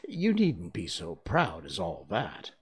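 A man voicing Alice, a polite and curious young girl, in a storybook reading, raising his voice higher. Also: wildly swooping pitch, takes it slowly, husky, full character voice.

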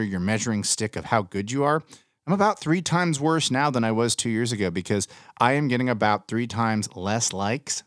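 A man's voice: medium pitch, no room sound, studio quality. A man hosting a casual podcast chat, talking bluntly and ranting with plenty of swearing. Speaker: podcast host.

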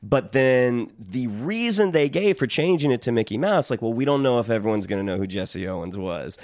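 A man on a film podcast lays out behind-the-scenes trivia in a clear, explaining way. His voice moves up and down a lot. The recording is dry and close. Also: mid-range voice, lively intonation, a little fast, darkish tone, no room sound. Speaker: podcast co-host. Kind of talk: casual film discussion.

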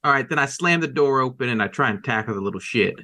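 A man's voice: medium pitch, animated, fast, sharp tone. A man playing a tabletop horror game, talking loosely, swearing and laughing easily. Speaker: player. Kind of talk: casual tabletop game chat.

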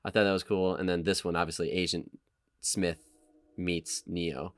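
A man's voice: moderate pace, dry recording. A man hosting a podcast, chatting casually and reading movie quotes aloud. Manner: animated when reading quotes, low-key otherwise. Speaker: podcast host.

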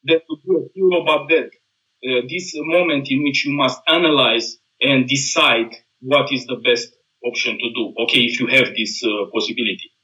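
A man from Romania with a Romanian accent, a combat instructor talking earnestly as a guest in halting, non-native English with many restarts. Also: medium pitch, sharp tone, low-quality recording. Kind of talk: casual conversation.

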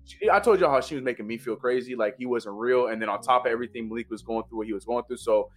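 A man co-hosting a casual podcast chat, talking about home life with many quick restarts. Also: mid-range voice. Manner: fast-talking, restarts while explaining. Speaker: podcast co-host.

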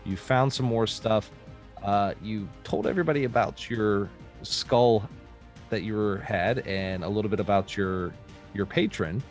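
A man's voice: fairly low pitch, unhurried, faint music behind. A man narrating as game master in a loose, chatty way, often laughing and correcting himself.

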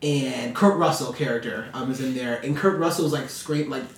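A man's voice: mid-range voice, normal speed. A man co-hosting a podcast, chatting casually and rambling with many filler words. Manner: rambling, heavy use of fillers like "like". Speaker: podcast co-host. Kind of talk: casual chat. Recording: echoey room, far from mic.

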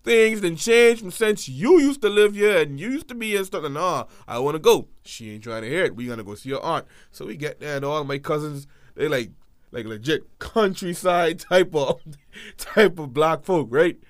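Animated man telling a story. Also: on the high side, moderate pace, no room sound, clean studio sound. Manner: animated, acts out quotes, swings between hushed and loud. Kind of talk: casual storytelling.

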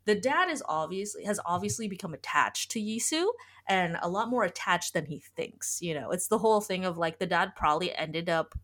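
A woman's voice: fairly low pitch, lively intonation, a little fast, fairly bright tone. A woman podcast host in casual chat, retelling a story in a rambling way full of "like.". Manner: rambling, heavy use of filler "like".

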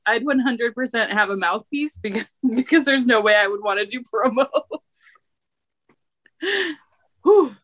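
A woman with a high, bright voice laughs nervously through an improvised wrestling promo. She speaks slowly and swears now and then. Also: sing-song, no echo. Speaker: player.

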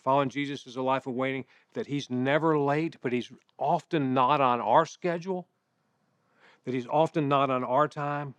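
A middle-aged pastor preaching a sermon in a conversational way, mixing scripture with personal stories. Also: male voice, mid-range voice, normal speed, a bit bright, clear, resonant tone, no echo.

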